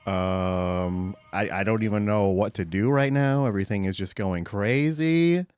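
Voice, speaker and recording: An excitable man hosting a live stream, talking fast and loose with his viewers and swearing freely. His voice sits a little low for a man. He greets people by name as he goes. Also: smooth. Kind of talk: casual live-stream chat.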